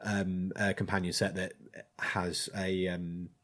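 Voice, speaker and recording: A blacksmith telling a rambling, hesitant story in casual chat. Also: male voice, sits low, level tone, slow pace, fairly bright tone. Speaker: blacksmith and podcast co-host.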